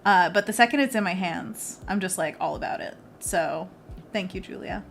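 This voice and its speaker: A woman's voice: mid-range voice, moderate pace, creaky, fairly bright tone, a little hiss or hum. A woman illustrator hosting a live painting stream, chatty and bubbly, laughing often as she talks through her work. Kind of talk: casual live painting chat.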